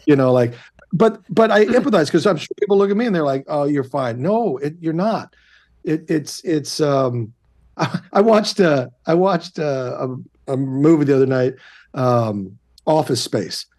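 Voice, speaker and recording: A man in his fifties, a guest on a podcast, telling candid stories and breaking into loud self-coaching outbursts. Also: fairly high pitch, unhurried. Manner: animated, shifts into loud self-coaching shouts. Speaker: guest, actor and comedian. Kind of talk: candid conversational storytelling. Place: podcast studio.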